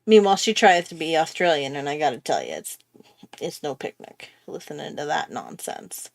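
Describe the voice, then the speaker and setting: Drawing live for her stream, a woman chats in a very animated way, self-mocking and quick to laugh. Her low-pitched, gravelly voice keeps a moderate pace, with studio-quality sound and no room tone.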